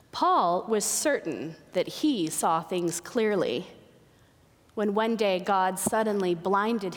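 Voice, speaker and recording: A woman preaching a sermon in a church. She speaks in slow, deliberate phrases with emphatic pauses. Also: medium pitch, long reverb tail. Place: church sanctuary. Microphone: pulpit microphone with feedback.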